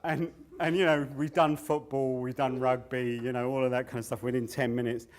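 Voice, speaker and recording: A stand-up comedian telling a long rambling story at a live show, swearing freely and often laughing at himself. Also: male voice, mid-range voice, flat delivery, fairly quick.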